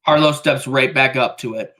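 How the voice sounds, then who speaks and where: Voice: mid-range voice, a bit bright, low-quality recording. A player describing their character's actions in a tabletop game. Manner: slow, descriptive. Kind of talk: casual tabletop play.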